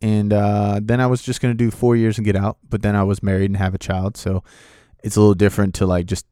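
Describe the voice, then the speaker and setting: A man casually telling a story from his own life, loose and lively, slipping into the voices of the people he quotes. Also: fairly low pitch, fast, clear, resonant tone, dry recording, studio quality. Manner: animated, acts out other people's voices in quotes; loose, filler-heavy delivery with restarts. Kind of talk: casual spoken anecdote.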